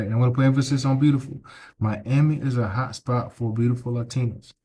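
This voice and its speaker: A middle-aged travel vlogger walks a street outdoors, talking into a handheld phone in a medium-pitched, darkish voice. His casual vlog to camera turns preachy, and he repeats himself and caps his points with "right?"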